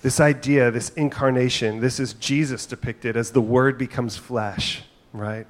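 A middle-aged man delivers a sermon as a pastor, speaking at an ordinary mid pitch. He talks conversationally, weaving in personal stories and frequent asides to the congregation. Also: fairly even intonation, measured pace. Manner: conversational, storytelling with asides and filler "right?".

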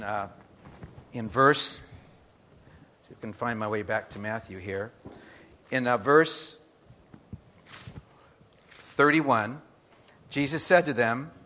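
A middle-aged man delivering a sermon at an ordinary pitch for a man. He reads scripture with rising force, then drops low and quiet when he turns personal. His delivery is lively and conversational. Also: takes it slowly, pauses often. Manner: lively, with dramatic swings between loud emphasis and hushed confession. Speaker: pastor.

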